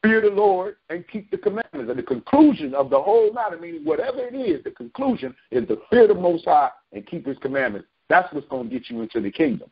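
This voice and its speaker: A man's voice: high-pitched, very animated, quick pace, gravelly, hardly any pauses, slightly rough. A man leading a conference-call bible study, preaching with repeated phrases for emphasis. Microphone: phone conference call. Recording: dull lo-fi phone call.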